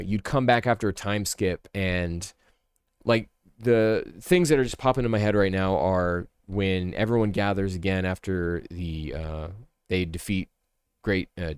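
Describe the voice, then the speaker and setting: A man's voice: on the low side, clean tone, no room sound, studio quality. A man chatting casually as a streamer, rambling and thinking aloud, often correcting himself mid-sentence. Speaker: streamer ranking a series. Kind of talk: casual chat.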